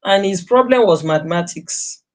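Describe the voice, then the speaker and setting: A woman's voice: lowish voice, animated, moderate pace, a little mellow. A middle-aged woman with a Nigerian accent, a nurse telling her life story in an earnest, emphatic, conversational way. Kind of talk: personal storytelling.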